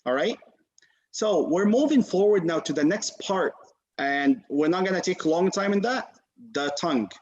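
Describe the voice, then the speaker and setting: A Quran recitation teacher leads a class over a video call, his voice sitting high, darkish in tone and expressive at a moderate pace. Patient and encouraging, he repeats and models sounds for his students, and the call audio comes through muffled.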